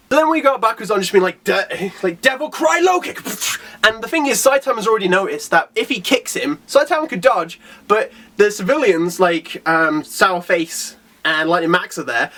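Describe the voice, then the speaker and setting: A young man in a casual manga chapter review, excitable and rambling, who laughs often and breaks into character voices. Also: sits high.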